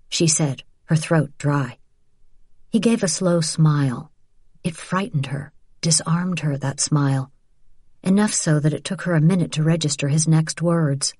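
Low-voiced woman reading an audiobook. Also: normal speed, a little mellow, no echo, studio quality. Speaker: audiobook narrator. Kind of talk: scripted narration.

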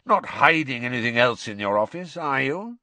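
A man voicing a gruff, grizzled old male auror who growls slowly and with menace. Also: medium pitch, sing-song, sharp tone, no room sound, exaggerated voice. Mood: menacing.

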